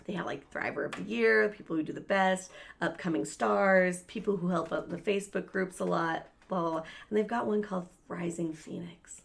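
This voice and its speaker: Telling a long story on a podcast she co-hosts, this woman chats casually, swears constantly, and acts out the voices of the people involved. Her voice sits fairly low and is creaky, and she moves fairly quickly with few pauses, profane and animated throughout.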